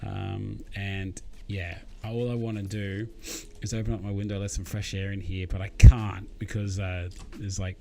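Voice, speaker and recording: A man's voice: fairly low pitch, flat delivery, normal speed, warm tone, a little hiss or hum. A young Australian man chatting casually to viewers during a live build, rambling with lots of fillers. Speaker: streamer. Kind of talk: casual live-stream chat while building.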